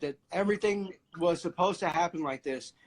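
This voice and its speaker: A man's voice: sits high, brisk, poor audio. A man hosting a livestream, chatting casually about spiritual ideas with many fillers and restarts. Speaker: livestream host.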